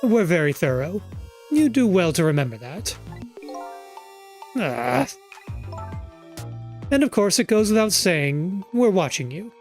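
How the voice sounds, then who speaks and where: A streamer voicing a cold male kidnapper who makes calm, measured threats over the phone. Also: medium pitch. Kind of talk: reading game dialogue aloud.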